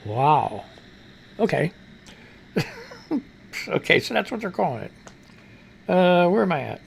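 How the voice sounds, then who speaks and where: A man hosting a talk radio show, ranting about the news in a profane way, reading news items aloud with asides, his voice climbing high whenever he gets excited. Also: slow, gravelly, a little hiss or hum.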